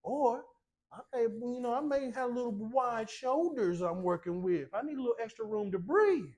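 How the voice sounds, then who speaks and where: A man's voice: extremely high pitch, lively intonation, normal speed, darkish tone, pitched above the performer's own voice. A man playing a customer asking for roomier stairs. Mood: pleading.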